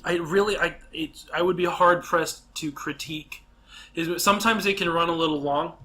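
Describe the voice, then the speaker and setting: Bright-voiced young man rambling excitedly. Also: on the high side, moderate pace. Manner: rambling, restarts often, enthusiastic film fan. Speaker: podcast host. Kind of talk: casual chat.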